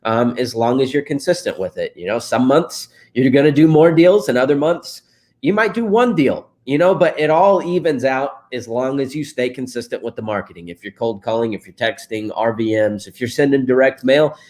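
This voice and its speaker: A man's voice: mid-range voice, expressive, normal speed, a little mellow. A married man, a guest in a casual interview, telling stories with frequent laughs and fillers. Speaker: interview guest, real estate investor.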